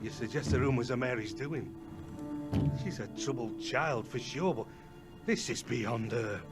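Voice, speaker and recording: A man's voice: mid-range voice, measured pace, over loud music, close to an everyday voice. A man playing a stern, protective colonial-era husband who speaks in formal, old-fashioned phrasing. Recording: game audio over loud score.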